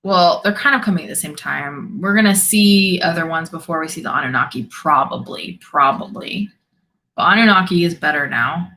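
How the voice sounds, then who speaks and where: A woman hosts a spiritual live stream, chatting casually, answering viewers' questions, reacting to chat comments, and laughing a lot. Her deep voice has a sharp tone and a normal speed, and the recording quality is low.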